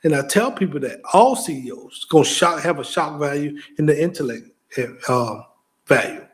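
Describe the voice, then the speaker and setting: A man delivers a motivational talk as host, addressing the listener directly in a casual, plain-spoken way. His voice sits a little high, and he stumbles and repeats words as his excitement builds. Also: moderate pace. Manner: energetic, repeats himself and stammers when excited.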